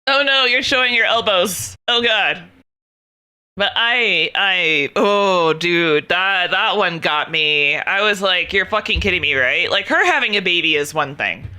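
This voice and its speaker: A young adult woman streaming and chatting casually, excitable and laughing often, swearing freely as she talks. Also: lowish voice, slow, clean tone. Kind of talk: casual chat while gaming.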